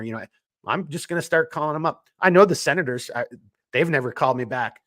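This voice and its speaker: A man's voice: mid-range voice, fast talker, fairly bright tone. A man from Minnesota co-hosting a podcast, talking bluntly and swearing as he rants in casual political chat. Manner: blunt, swears, worked-up ranting. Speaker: podcast co-host; small business owner.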